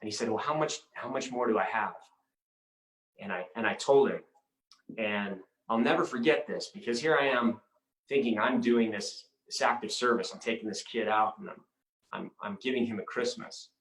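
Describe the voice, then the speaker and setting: A man giving an inspirational talk, telling a personal story in an earnest, halting way with many repeated words. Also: lowish voice, a bit bright. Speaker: inspirational speaker. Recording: roomy echo.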